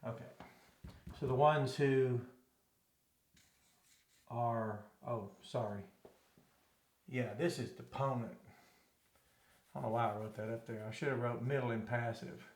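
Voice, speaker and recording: A man's voice: mid-range voice, fairly even intonation, a little slow, pauses often. Man from Arkansas, classroom Greek teacher, rambling and self-correcting, echoey room. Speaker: Bible teacher.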